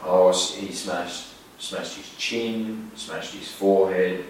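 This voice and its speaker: A man's voice: low-pitched, steady tone, takes it slowly. A man with an Australian accent, a podcast guest telling blunt, laid-back stories in casual chat and swearing freely. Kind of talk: casual storytelling. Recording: echoey room, distant mic, noisy.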